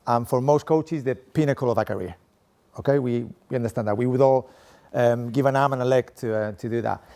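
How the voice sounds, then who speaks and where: A man's voice: mid-range voice, brisk, gravelly, darkish tone. A middle-aged man with a Spanish accent, a professor giving a playful, interactive talk to a live audience, often checking in with "okay?". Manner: playful, chatty, tags lines with "okay?". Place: room with a seated audience at desks.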